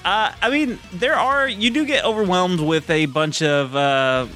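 A man's voice: high-pitched, a little slow, sharp tone, soft background music. A man co-hosting a casual podcast, rambling and swearing with lots of fillers. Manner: rambling, profane, with frequent fillers and laughs. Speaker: podcast co-host.

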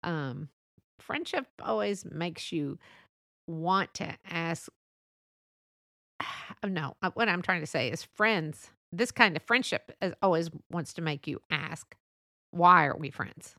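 Chatty lady vlogging, laughs a lot, bit of fry in her voice. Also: on the low side, lively intonation, slow pace, pushed and bright, no echo, clean studio sound. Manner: chatty, laughs often, acts out quoted friends. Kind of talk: casual monologue.

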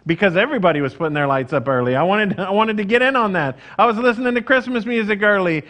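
A man's voice: high-pitched, animated, fast, fairly bright tone. A middle-aged man, preaching a casual, conversational sermon with frequent fillers and restarts. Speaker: pastor.

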